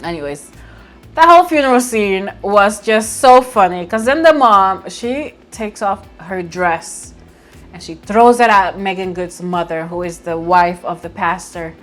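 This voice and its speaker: A woman casually recapping and reviewing a movie at home by her window, chatty and expressive, often laughing as she retells scenes. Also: medium pitch, unhurried, faint music behind.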